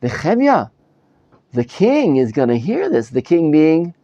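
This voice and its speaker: A man's voice: fairly high pitch, huge pitch swings, unhurried, warm tone, muffled recording. A man, a rabbi, giving a live Bible study lecture to students, dramatizing the text with many restarts. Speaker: rabbi teaching a class.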